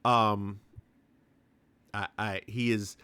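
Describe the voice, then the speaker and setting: A man's voice: on the low side, little pitch movement, very slow, sharp tone, clean tone, no echo. A man co-hosting a podcast, chatting casually and laughing often while recapping a TV episode. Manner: chatty, laughs often, playful put-on voices. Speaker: podcast co-host.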